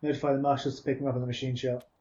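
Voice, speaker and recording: A man's voice: medium pitch, flat delivery, rapid-fire, warm tone, highs cut off, a little hiss or hum. A man hosting a game let's play, reading dialogue choices and commenting in a matter-of-fact way.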